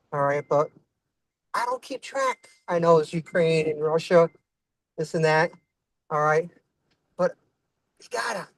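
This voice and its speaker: An Italian-American comedian rambles through a stand-up set while driving, recorded in his car with a dry sound. His voice is high-pitched, and he keeps asking himself "what else is going on."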